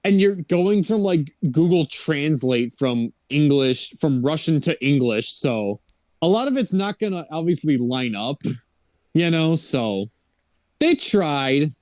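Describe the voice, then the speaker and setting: A man with a slightly higher voice rambles through a movie's plot on a podcast. He tosses in mock quotes from the characters. The recording is dry, with no room sound. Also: expressive, takes it slowly, darkish tone, dry recording. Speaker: podcast co-host. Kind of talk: casual movie review chat.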